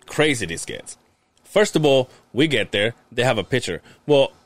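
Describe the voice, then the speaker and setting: A young podcast host tells a casual story, animatedly acting out what the people in it said and swearing freely throughout. His voice is medium-pitched, with no room sound.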